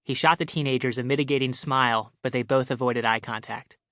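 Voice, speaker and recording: Man reading his funny audiobook, bright voice, wry, dead dry studio sound. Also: mid-range voice, fairly even intonation, a little fast, dry recording. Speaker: author and audiobook narrator. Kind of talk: scripted audiobook narration.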